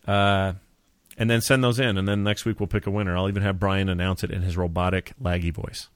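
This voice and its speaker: Animated, jokey man hosting a podcast. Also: deep voice, a little fast, smooth, dry recording. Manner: animated, jokey, rambling with restarts. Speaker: podcast host. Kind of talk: casual podcast chat.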